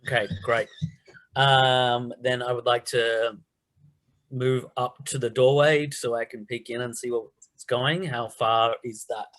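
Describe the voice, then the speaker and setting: A man playing a tabletop game, talking quickly and eagerly about his moves. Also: mid-range voice, fairly even intonation, fairly bright tone, poor audio. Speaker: player. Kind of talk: casual tabletop play.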